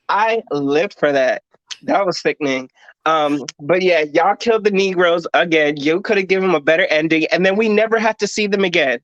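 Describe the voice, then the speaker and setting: A man co-hosting a podcast, reviewing an episode in an animated, indignant rant. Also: sits high, fairly quick, no room sound. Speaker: podcast co-host. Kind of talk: casual review chat. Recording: dry, dull lo-fi sound.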